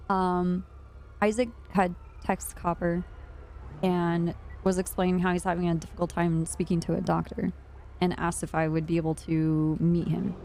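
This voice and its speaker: A chatty woman streamer talks loosely to her viewers, rambling through stories and breaking into laughs. Her voice sits on the low side, with a faint hiss of noise behind her. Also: a little mellow. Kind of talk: casual chat with stream chat.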